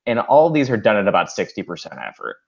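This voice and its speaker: A man from the Midwest co-hosting a casual podcast about a film, ranting wryly with quick laughs. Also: on the low side, gravelly, dull audio. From Midwest of the United States. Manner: wry, animated rants with quick laughs. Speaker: podcast co-host.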